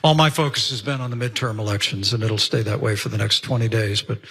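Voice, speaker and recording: A man, a politician, giving a measured, evasive answer in a press interview. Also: on the low side, fairly even intonation, fairly bright tone, breathy edge, in a large hall.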